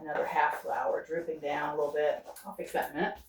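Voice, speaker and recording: Low-voiced woman painting in an echoey studio. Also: level tone, fast talker, very noisy. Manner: thinks aloud while painting, coaxing herself to stay loose. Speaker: painter demonstrating. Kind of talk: unscripted painting demonstration. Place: art studio. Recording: roomy studio sound from a distance.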